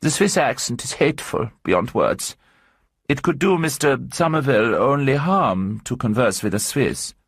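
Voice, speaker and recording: A man's voice: medium pitch, animated, moderate pace, slightly rough, no room sound, studio quality, voice pushed up. A man voicing a stiff, sullen German woman near forty, who speaks curtly and sternly. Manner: curt and stern.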